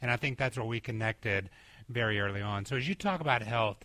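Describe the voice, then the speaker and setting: Bright, eager pastor, dry sound. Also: male voice, medium pitch, brisk, no echo. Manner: enthusiastic, conversational. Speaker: pastor hosting. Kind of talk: church interview.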